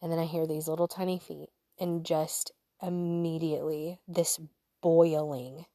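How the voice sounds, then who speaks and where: Mom in her 30s telling a faith story, lowish voice, chatty and candid, laughs a lot, dry close sound. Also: flat delivery, a little slow, no room sound. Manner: chatty and candid, laughs easily, drops to soft whispers when reliving thoughts. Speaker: Christian mother sharing a faith story. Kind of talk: casual personal testimony to an audience.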